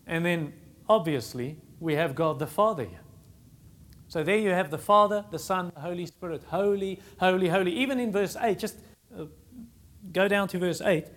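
Male preacher; emphatic sermon delivery, voice a touch high. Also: lively intonation, normal speed, fairly bright tone. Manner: emphatic, repeats phrases for stress.

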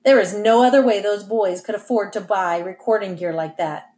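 A woman voicing a gruff, bitter middle-aged father who speaks in a curt, accusing way, lower than her narration. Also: normal speed, dark tone, close to an everyday voice.

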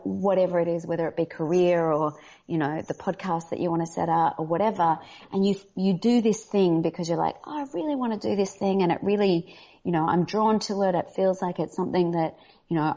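A woman's voice: on the low side, dark tone. A woman voice actor chatting as a podcast guest, talkative and enthusiastic. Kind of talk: casual podcast chat. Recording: slightly dull lo-fi sound.

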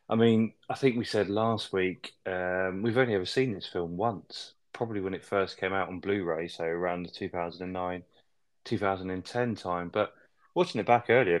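A man chats on a film podcast in an easygoing, rambling way. His voice is very deep. He drifts into stories without hurry. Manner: laid-back, rambling anecdotes. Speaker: podcast co-host. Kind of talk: casual film podcast chat.

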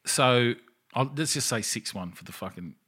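A man's voice: medium pitch, normal speed, husky. An Australian man co-hosting a podcast, telling stories in casual, sweary chat. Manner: sweary, animated storytelling. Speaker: podcast co-host.

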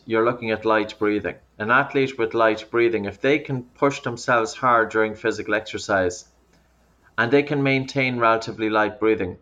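A man speaks in a medium, everyday pitch, patiently explaining things step by step. He often restarts and repeats words as he goes. His voice comes through remote call audio. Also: a bit bright, muffled recording. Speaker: breathing coach. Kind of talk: interview, explaining.

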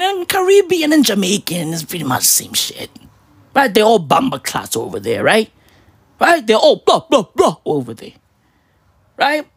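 A man's voice: very high-pitched, fairly bright tone, no room sound, clean studio sound. A man in his thirties delivering a profane, slangy comedic rant, constantly asking "right?". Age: 30s.

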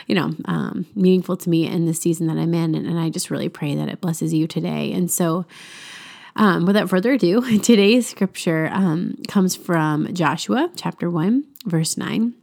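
A woman hosting a devotional podcast, talking in an earnest, chatty way with soft laughs. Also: on the low side, moderate pace, creaky. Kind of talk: casual faith podcast talk.

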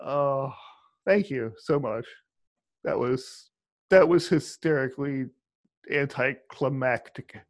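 A man interviewing in a casual conversation, with a dry, teasing, halting way of talking. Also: mid-range voice.

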